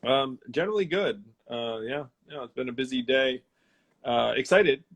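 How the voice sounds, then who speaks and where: A man hosting a casual live question-and-answer stream from his home, rambling and relaxed, with lots of fillers and restarts. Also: mid-range voice, normal speed. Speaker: host of an Instagram live Q&A.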